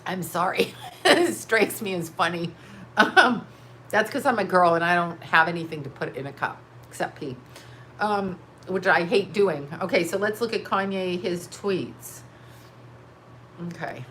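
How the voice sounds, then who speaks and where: A woman's voice: on the low side, measured pace, fairly bright tone, a little hiss or hum. A woman hosting a casual commentary show, rambling frankly with lots of swearing and frequent bursts of laughter. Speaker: host.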